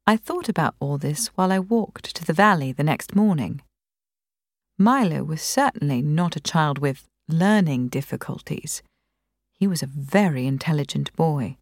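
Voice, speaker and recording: A woman reading a first-person novel aloud in a calm, measured way. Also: sits low, no echo, studio quality. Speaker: narrator. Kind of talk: audiobook reading.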